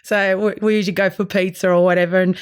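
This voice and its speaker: A woman's voice: medium pitch, little pitch movement, fast, clean tone. An Australian woman, an irrigation farmer, talking openly and emotionally in a casual interview. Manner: open, emotional, chatty storytelling.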